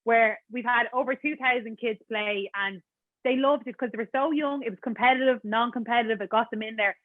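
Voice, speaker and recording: A woman's voice: on the high side, fairly quick, dry recording. A woman host, interviewing in a friendly, affirming way over a video call. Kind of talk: casual interview chat. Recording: dry, phone-like video call audio.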